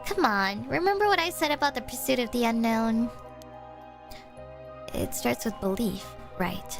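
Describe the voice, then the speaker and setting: A woman streamer reading a visual novel's dialogue for a wary young man looking into ghost stories, lowering and slowing her voice. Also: expressive, vocal fry, over music. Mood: uneasy.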